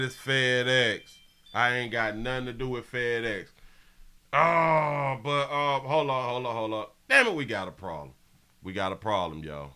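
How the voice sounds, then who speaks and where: A man hosts a live show, riffing loosely on the news and talking straight to his viewers, whom he calls "y'all," while thinking aloud. His voice is lowish, smooth, pushed and bright.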